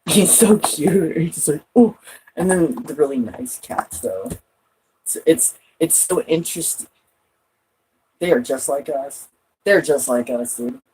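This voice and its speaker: A woman's voice: deep voice, lively intonation, unhurried, darkish tone, slight background noise, poor audio. A woman vlogging from home in casual rambling chat, swearing a lot and laughing often.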